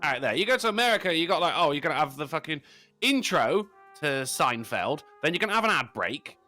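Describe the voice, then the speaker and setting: An English man on a podcast, chatting casually, swearing a lot and complaining in an animated way. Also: on the high side, a little fast, faint music behind. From England. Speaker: podcast co-host. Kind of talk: casual banter.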